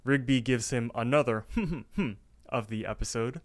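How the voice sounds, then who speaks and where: A man's voice: mid-range voice, measured pace. A man co-hosting a podcast, casually retelling a cartoon episode with lots of fillers. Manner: rambling retelling with fillers and quoted lines. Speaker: podcast co-host.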